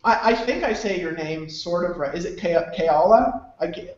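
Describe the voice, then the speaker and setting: High-voiced guy rambling a sales pitch, laughs a lot, super echoey dull recording. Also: lively intonation, moderate pace. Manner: rambling, laughs often, swears, restarts a lot. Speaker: host of an online sales webinar. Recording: very echoey room, dull lo-fi sound.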